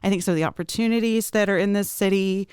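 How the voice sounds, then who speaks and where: A woman's voice: medium pitch, fairly even intonation, fast, darkish tone, clean tone. A woman guest talking casually about her work, rambling with many fillers. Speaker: guest, arts project manager. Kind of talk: casual chat.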